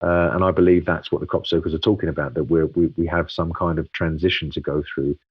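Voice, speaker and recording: A man with a lowish voice walks through his explanation steadily, filling pauses with ums. The sound is dry and slightly dull, like a lo-fi remote interview recording. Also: fairly even intonation, husky, dry recording. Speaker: guest expert. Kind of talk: casual interview.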